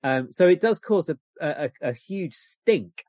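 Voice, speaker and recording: A man's voice: a little high, unhurried, no echo, clean studio sound. Chatty man telling history. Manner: chatty, animated storytelling with laughs. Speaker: guest author. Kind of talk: casual podcast chat.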